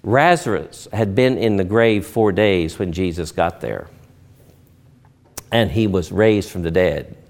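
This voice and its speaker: Animated male preacher with swelling delivery. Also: deep voice. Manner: earnest preaching with dramatic swells and slow emphatic pauses. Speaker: pastor. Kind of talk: sermon.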